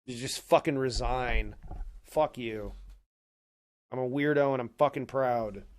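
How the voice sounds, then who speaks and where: Speaking into a desk mic in his apartment home office, this livestream host delivers an angry rant full of nonstop swearing. He has a medium pitch and a darkish tone, and he takes his time.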